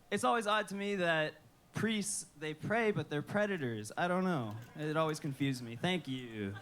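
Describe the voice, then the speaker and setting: A man's voice: fairly high pitch, measured pace, a bit bright. A man in his twenties, a comedian guest answering questions in a laid-back, giggly way, saying "dude" often. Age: 20s. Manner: laid-back stoner drawl, says dude a lot, nervous laughs. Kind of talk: casual stage interview.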